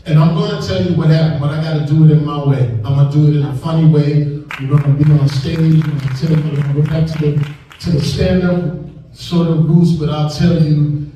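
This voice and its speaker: A man's voice: a little high, steady tone, a little fast, mellow, dull audio, a little hiss or hum. A man giving an award acceptance speech on stage, rambling with stammered restarts, joking one moment and emotional the next. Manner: playful jokes with bursts of emotion. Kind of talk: off-the-cuff comedic speech. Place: stage at an awards luncheon in a large hall. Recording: echoey hall from far off.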